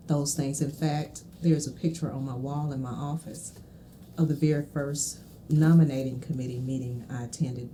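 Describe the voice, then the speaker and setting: Deep, dark-toned woman guest. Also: a little hiss or hum. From Mississippi Delta. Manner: reflective, warm storytelling with laughs. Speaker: guest, trial lawyer. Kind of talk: casual conversational interview.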